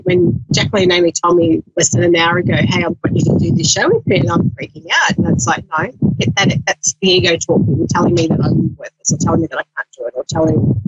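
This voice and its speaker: Hesitant woman on noisy lo-fi line. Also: fairly low pitch. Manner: hesitant, many ums. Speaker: guest, small business owner. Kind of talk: casual talk show chat. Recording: dull lo-fi audio with clear noise.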